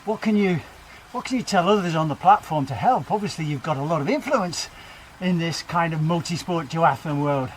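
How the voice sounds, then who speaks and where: A man's voice: fairly high pitch, moderate pace, few pauses, slight background noise, natural voice. A man voicing an over-eager male news anchor with a mock-serious broadcast delivery, recorded in a home training room. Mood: probing. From Britain.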